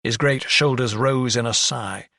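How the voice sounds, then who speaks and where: A man reading an audiobook in a measured storytelling manner. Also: mid-range voice, fairly even intonation, vocal fry, pushed and bright, no echo, studio quality. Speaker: audiobook narrator. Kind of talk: scripted narration.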